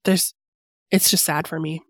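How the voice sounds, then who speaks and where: A young woman in casual podcast chat, emotional and halting, on the verge of tears. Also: deep voice, fairly even intonation, fairly bright tone, no echo, studio quality.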